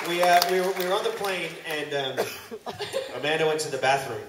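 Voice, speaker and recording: A man's voice: on the high side, fairly quick, a loud crowd. A man on a convention panel, bantering and bickering in mock exasperation with his co-star. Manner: teasing, mock-exasperated, playful. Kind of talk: improvised comic bickering with co-star. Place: large convention hall, recorded from the audience. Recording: far-off echoey hall audio with loud noise.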